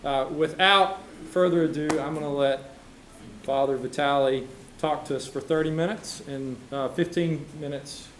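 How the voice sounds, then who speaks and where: A man moderating a symposium, introducing a speaker haltingly, with many filler sounds. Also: a little high, fairly even intonation, a bit bright. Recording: echoey hall, faint background noise.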